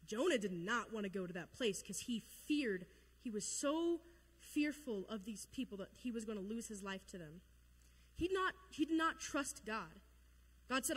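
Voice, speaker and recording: A woman's voice: a little high, animated, normal speed, big-room sound. A woman leading a casual Bible lesson, chatty and joking, acting out quotes in funny voices. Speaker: youth Bible study leader.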